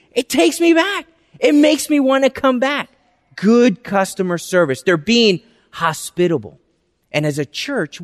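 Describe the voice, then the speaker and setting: A male pastor preaching a sermon. He reads scripture slowly and acts out everyday greetings. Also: sits high. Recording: reverberant hall.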